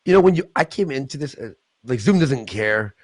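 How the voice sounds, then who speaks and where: A man hosting a livestream, ranting in a rambling, profane, excitable way. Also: mid-range voice, a little fast, no echo. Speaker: livestream host. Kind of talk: casual livestream chat.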